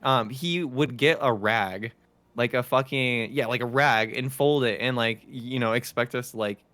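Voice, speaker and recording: A man's voice: medium pitch, unhurried, a bit bright, no echo. A young man in casual chat, laid-back and swearing heavily as he complains about an old job, calling his friend dude.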